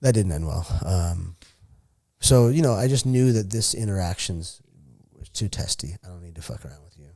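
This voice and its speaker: A man's voice: low-pitched, expressive, normal speed, dark tone. A middle-aged man, a former fighter and podcast guest, telling stories in casual chat, swearing freely and laughing often. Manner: profane, storytelling, laughs often.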